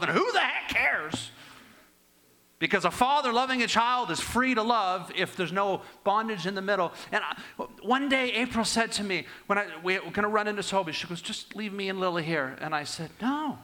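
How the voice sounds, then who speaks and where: Older male preacher, lively swings from raised to hushed, very expressive pitch. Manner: animated, swinging between raised and hushed delivery. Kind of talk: sermon with personal storytelling.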